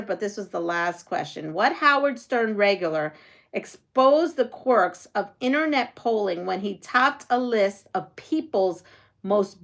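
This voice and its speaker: A quilting channel host sews while chatting on a live stream, answering viewer comments and trivia questions. Her medium-pitched voice is full of giggles, and she draws out some phrases.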